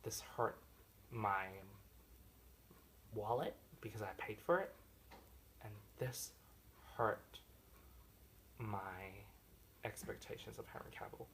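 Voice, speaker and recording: A man reviewing a film in a casual, chatty way, full of mock complaints aimed straight at the actors. His delivery jumps between loud, excited bursts and low, deflated mutters. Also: slow, gravelly, long pauses, slight background noise. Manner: animated and jokey, with big swings in loudness and pitch. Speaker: movie reviewer. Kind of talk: casual spoken movie review.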